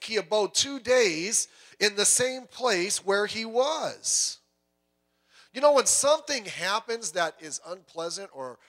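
A male pastor preaching a sermon in an animated way, acting out the voices of the people in his story and dropping to a soft voice for emphasis. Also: high voice.

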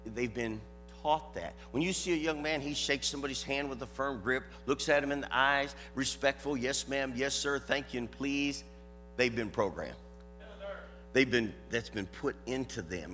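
An older man with a Southern US accent preaching a folksy, animated sermon to a church audience. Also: medium pitch, in a large hall, low-quality recording. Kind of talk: sermon with a live dog demonstration.

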